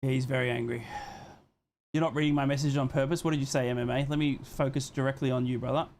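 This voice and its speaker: A young man streaming a live football watchalong, calling the match play by play and reading out chat messages, excitable and swearing freely. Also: medium pitch, quick pace, a little hiss or hum.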